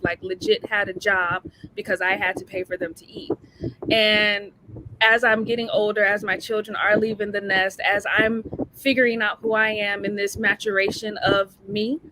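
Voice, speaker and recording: A woman's voice: medium pitch, background noise. A middle-aged woman performing a spoken word poem with a rhythmic, emphatic delivery, then talking about it plainly.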